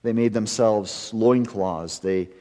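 Slow-preaching man in a reverberant hall. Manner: measured preaching that swells to emphasis and drops to hushed low endings. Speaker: pastor. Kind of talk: sermon.

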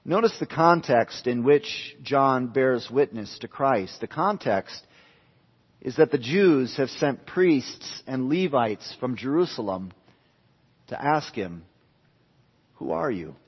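A man's voice: mid-range voice, animated, slow, slightly rough. A man preaching an expository sermon, emphatic, repeating key phrases for stress. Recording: dull lo-fi sound with long hall reverb.

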